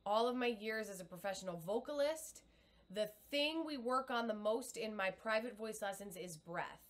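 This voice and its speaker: Middle-aged woman, coach leading a live webcam lesson, upbeat and encouraging. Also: a little high. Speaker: communication coach.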